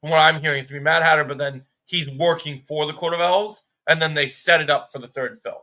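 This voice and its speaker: A man's voice: on the high side, steady tone, quick pace, pushed and bright. A man hosting a casual podcast chat, leading the talk and teasing his co-hosts.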